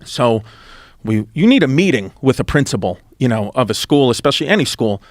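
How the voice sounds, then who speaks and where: A man's voice: medium pitch, big pitch swings, fairly quick, no room sound, clean studio sound. A comedian telling a story from his life, swearing freely and acting out the dialogue. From New York. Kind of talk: stand-up storytelling.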